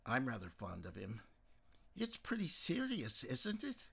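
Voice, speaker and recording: A man voicing a fond, gentle middle-aged mother in an audiobook. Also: medium pitch, huge pitch swings, unhurried, gravelly, breathy edge, full character voice. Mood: doting. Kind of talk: audiobook character voice.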